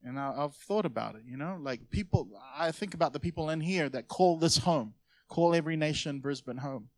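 A pastor gives a sermon in church, talking to his congregation like he's chatting with them, then suddenly punching a phrase out loud. His voice sits a little higher than most men's. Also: brisk. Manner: conversational preaching, sudden loud emphases.

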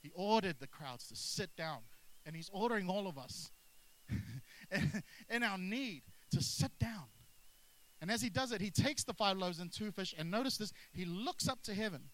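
Bright, high-voiced preacher. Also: male voice, a little slow, poor audio. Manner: energetic, calls for congregation responses. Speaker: pastor. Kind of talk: sermon.

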